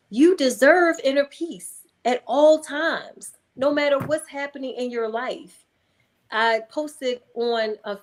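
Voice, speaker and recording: A hypnotherapist, a woman with a fairly high voice, appears as a guest in a conversational interview. She tells a story calmly and emphatically, acting out the voices of people in her anecdotes.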